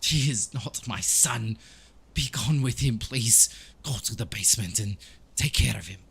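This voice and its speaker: A man's voice: mid-range voice, animated, unhurried, gravelly, fairly bright tone, husky, pitched above the performer's own voice, heavily acted. A man voicing a grieving older male village priest who weeps, stammers and pleads in a raised voice. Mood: pleading.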